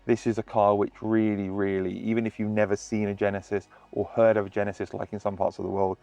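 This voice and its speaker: A man's voice: on the low side, flat delivery, fast talker, vocal fry, mellow, no room sound, faint music behind. A man reviewing a car from inside it, talking enthusiastically and full of praise. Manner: gushing, superlative-heavy.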